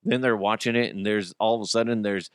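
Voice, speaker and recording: A middle-aged man hosting a podcast, telling comic stories in a casual monologue, swearing and acting out quotes in high voices. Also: fairly even intonation, fast, clear, resonant tone, no echo, studio quality. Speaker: podcast host.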